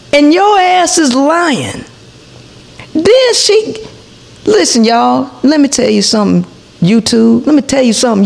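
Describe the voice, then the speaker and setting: A woman's voice: high voice, creaky, darkish tone. A woman in her forties, hosting a podcast, tells a heated story to her viewers, profane and full of asides to the audience. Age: 40s. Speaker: podcast host.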